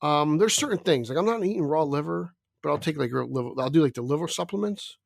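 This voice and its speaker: A man's voice: on the high side, lively intonation, quick pace, vocal fry, no echo, clean studio sound. A young man talking casually as a podcast co-host, rambling with many fillers and stammered restarts. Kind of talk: casual chat.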